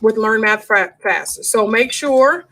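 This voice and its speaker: Her voice fairly high, bright and forceful, a woman talks slowly as she hosts a homeschool Q&A livestream from her desk at home. She keeps it frank and casual, calling viewers y'all.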